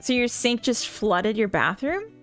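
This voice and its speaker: A woman's voice: on the high side, sing-song, a little slow, faint music behind. A Minnesotan woman chatting casually with viewers on a live stream, rambling and giggling often. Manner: giggly, rambling, full of fillers. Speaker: live-streaming game developer.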